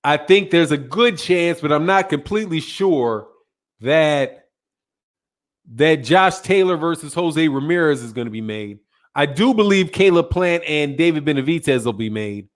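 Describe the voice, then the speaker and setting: A middle-aged man talks loosely in a fairly high voice, tired and yawning. His boxing chat rambles along, full of slang, restarts and self-corrections. He answers viewer comments in a casual livestream manner. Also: expressive, moderate pace. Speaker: boxing channel host.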